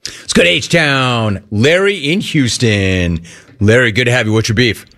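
A middle-aged man hosting a call-in radio show, ranting with animated energy and mocking cheerful greetings in a high voice. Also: a little slow. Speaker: sports radio host.

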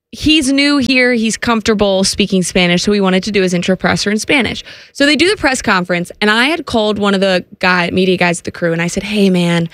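A woman sports TV reporter chatting on a radio show, telling an animated story with laughter. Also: medium pitch, no echo. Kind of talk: casual radio chat, storytelling.

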